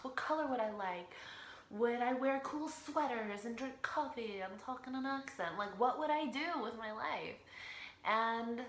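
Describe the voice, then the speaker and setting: A woman's voice: high-pitched, fairly bright tone. A young woman, a single mom and fitness coach, talking casually and expressively to camera in a vlog. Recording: roomy echo.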